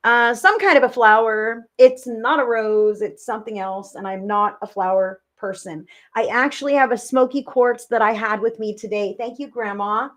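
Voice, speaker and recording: A woman's voice: on the high side, moderate pace, hardly any pauses. Gushing woman streaming live psychic readings. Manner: gushing, affectionate, rambling. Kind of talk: live-stream chat with viewers.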